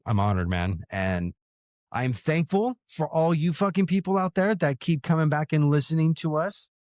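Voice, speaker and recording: Swearing podcast co-host, close and dry. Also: male voice, fairly high pitch, animated, no room sound. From Southern California. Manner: profane, emphatic storytelling; softens and slows when sincere. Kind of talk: casual chat.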